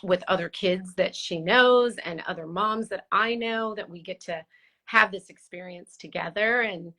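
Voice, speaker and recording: Reflective woman guest, bright voice. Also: mid-range voice. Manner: reflective and heartfelt, unhurried. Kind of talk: casual conversation.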